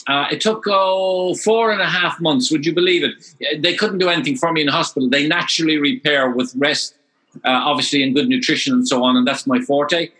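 An Irish man in his sixties, with an Irish accent, tells his story as an interview guest, growing animated and repeating words as he gets going. His voice is a little high and fairly quick, and the recording is low quality.

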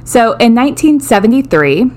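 A woman co-hosting a podcast, explaining a topic in casual, measured steps with dry jokes. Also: a little high, big pitch swings, a little mellow. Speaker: podcast co-host.

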